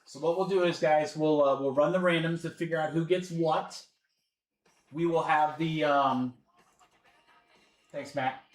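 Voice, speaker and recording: On a casual livestream, a sports card break host chats and calls out names and teams while running a live break. His voice is on the high side and steady, unhurried, with long pauses. Faint music plays in the background of an echoey room.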